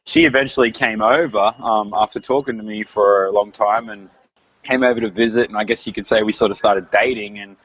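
Aussie guy in his 30s rambling through an interview, lots of ums, kinda low voice, muffled audio. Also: brisk, husky, no room sound. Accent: Australian. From Australia. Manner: rambling, relaxed, many fillers and restarts. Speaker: guest. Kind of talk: casual interview chat. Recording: dull lo-fi recording.

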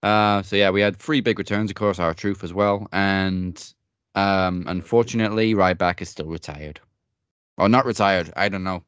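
A man's voice: low voice, fairly even intonation, normal speed, fairly bright tone, clean tone, no room sound. A man co-hosting a wrestling podcast in casual chat, laid-back and joking. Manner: laid-back, joking, with frequent fillers and laughs. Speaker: podcast co-host.

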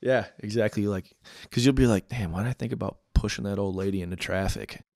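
A young man co-hosting a podcast in casual chat, animated, with crude humor and lots of "dude". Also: on the low side, quick pace, creaky, crowd noise. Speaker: podcast co-host.

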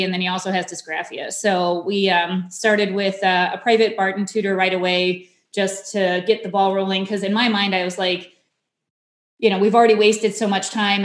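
Woman, thirties, casual storytelling, filler-heavy chatty talk, mid-pitched voice, roomy echo. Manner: chatty, many "like" and "you know" fillers. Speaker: parent guest.

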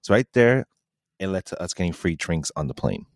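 A man's voice: deep voice, sing-song, brisk, no room sound. A man co-hosting a podcast, telling a story in casual chat, laid-back, laughing often and quoting his friends. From New York City. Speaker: podcast co-host.

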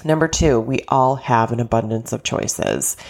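A woman hosts a self-help coaching podcast, chatty and upbeat, with a bass voice and a darkish tone at normal speed. She sounds stuffy and congested, and she makes small restarts as she talks.

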